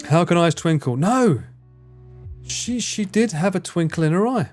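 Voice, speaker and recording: A man's voice: high-pitched, animated, measured pace, soft background music. A man in casual live-stream chat, rambling, swearing freely and laughing often as he answers his chat. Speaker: livestreamer.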